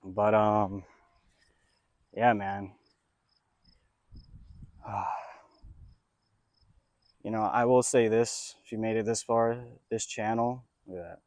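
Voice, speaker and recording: Outdoors, a young spiritual vlogger rambles casually about faith and manifesting, cursing often and swinging between loud, excited rants and low mumbles. His voice is ordinary in pitch, and he speaks slowly with frequent pauses. The sound is dry and close, with no room sound.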